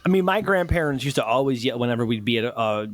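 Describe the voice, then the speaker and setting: A man's voice: mid-range voice, animated, fast talker. A man co-hosting a podcast, telling a personal story in a laid-back, sweary way. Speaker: podcast co-host. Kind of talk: casual podcast chat.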